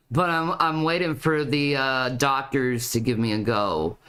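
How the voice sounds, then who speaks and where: Low voiced lady doing commentary, stammers a lot, repeats herself. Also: slow pace, a bit bright. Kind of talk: reaction commentary.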